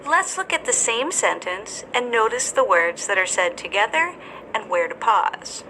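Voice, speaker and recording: A woman teacher narrating a scripted English lesson, speaking slowly and deliberately with careful enunciation. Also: on the high side, very animated, pushed and bright, a little hiss or hum, low-quality recording.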